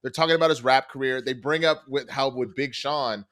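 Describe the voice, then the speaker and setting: A man's voice: medium pitch, brisk. A man casually recapping a TV episode, acting out the characters' lines as he tells it. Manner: animated retelling with quoted character lines and laughs. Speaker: TV critic.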